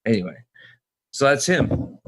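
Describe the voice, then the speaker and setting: A man's voice: sing-song, measured pace, slightly rough. A man co-hosting a podcast, telling a rambling anecdote in casual chat and acting out the people he quotes. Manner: rambling anecdotes, acts out quoted voices higher. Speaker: podcast co-host.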